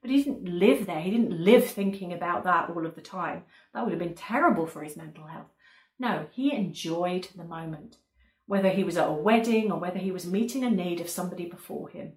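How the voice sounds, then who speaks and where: A woman's voice: fairly low pitch, a little fast, darkish tone. A woman preaching a sermon in an earnest, emphatic way, often repeating key words. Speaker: pastor. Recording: echoey room.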